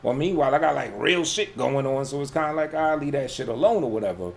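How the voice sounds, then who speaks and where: A man's voice: mid-range voice, fast talker, creaky. A man in casual radio chat, profane and self-assured, defending himself and brushing off a rival's roast. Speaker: guest under roast.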